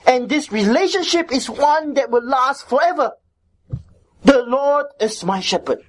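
A woman preaches a sermon in a somewhat high voice. She teaches in an emphatic, repetitive way and keeps checking in with her listeners with "right?" and "isn't it?". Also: lively intonation, unhurried.

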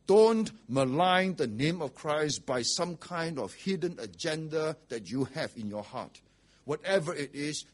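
A man preaching a sermon as pastor, blunt and rhetorical, often asking "okay?" and "right?". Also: a little high.

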